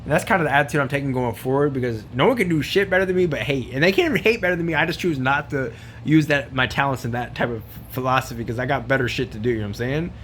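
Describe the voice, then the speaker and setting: A man's voice: medium pitch, racing, fairly bright tone, a little hiss or hum. A man ranting casually to camera, rambling and profane, full of slang and fillers. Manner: rambling, profane, slangy, says bro a lot. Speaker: vlogger.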